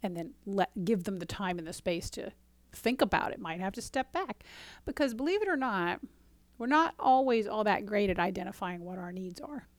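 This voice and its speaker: A woman's voice: mid-range voice, animated, moderate pace, no echo. Woman coaching in a dry, close voice. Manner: conversational, often asks "right?"; acts out dialogue in quotes. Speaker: relationship coach. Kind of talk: casual teaching talk.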